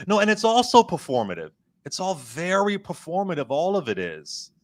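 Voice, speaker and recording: A man's voice: high-pitched, huge pitch swings, moderate pace. Impassioned man hosting political commentary. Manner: impassioned, emphatic, repeats words for stress. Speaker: guest host. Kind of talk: political commentary talk show.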